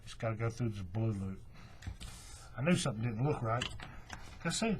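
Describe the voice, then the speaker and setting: A man's voice: on the low side, normal speed, pauses often, a little hiss or hum. Folksy man talking through a craft demo. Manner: relaxed, folksy, talks while working with his hands. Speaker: craft tutorial host. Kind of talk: step-by-step hands-on demonstration.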